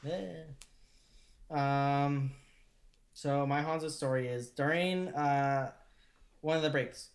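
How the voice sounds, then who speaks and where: A man co-hosting a podcast, telling stories in a casual, animated way with lots of swearing. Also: on the high side. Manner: animated, profane, quick asides. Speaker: podcast co-host. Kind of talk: casual profane storytelling.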